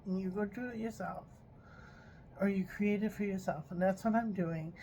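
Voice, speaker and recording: A woman's voice: mid-range voice, normal speed, warm tone, a little hiss or hum, poor audio. A woman talking in an earnest, frustrated personal vlog, doing a tarot reading and stopping now and then to apologize. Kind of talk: emotional personal vlog monologue.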